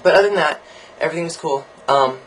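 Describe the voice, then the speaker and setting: A young man recording a casual video diary, ranting about college in a campy, sarcastic and profane way, swinging his pitch and volume up and down as he jokes. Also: fast, a bit bright, a little hiss or hum, low-quality recording. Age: young adult. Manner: sarcastic, jokey asides. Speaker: college student vlogger.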